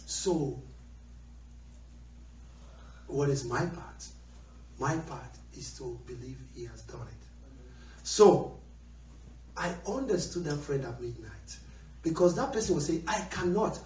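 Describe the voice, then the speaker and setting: A man preaching a sermon with an animated delivery, moving between quiet storytelling and shouting. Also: fairly high pitch, slight background noise. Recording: echoey hall, heard from far off.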